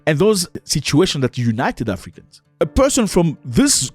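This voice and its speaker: A man's voice: fairly high pitch, sing-song, normal speed, a little mellow, breathy edge, dry recording, faint music behind. A man vlogging an opinionated monologue, emphatic and preachy, who often acts out the voices of people he quotes.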